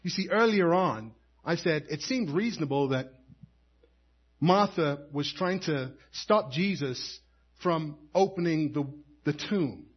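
A man's voice: fairly high pitch, expressive, slow, breathy edge, muffled recording. A man preaching a sermon as pastor, building emphasis and calling to the congregation for an amen.

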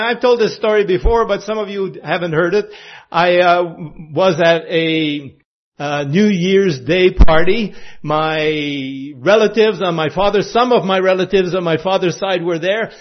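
A man's voice: high voice, dull audio. A man from French Canada giving an informal sermon, folksy and conversational, often putting questions to his listeners. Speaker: preacher.

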